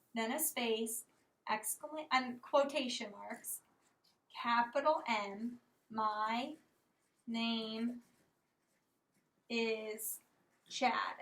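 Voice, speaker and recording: Woman teacher, fairly high voice, slow and methodical walkthrough. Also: bright, forceful tone, low-quality recording. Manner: slow, step-by-step explaining, apologizes for slips. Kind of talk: recorded classroom lesson.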